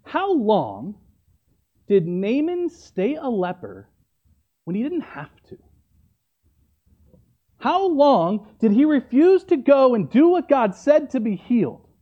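A man's voice: very high-pitched, huge pitch swings, slow, long pauses, muffled recording. A man preaching a sermon, retelling a story in a conversational way and often checking in with "right?".

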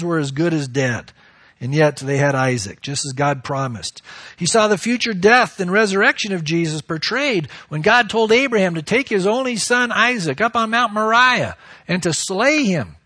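A man preaching a sermon, reading scripture and acting out the quoted voices with expressive swings. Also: high-pitched, moderate pace, no echo, studio quality. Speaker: pastor.

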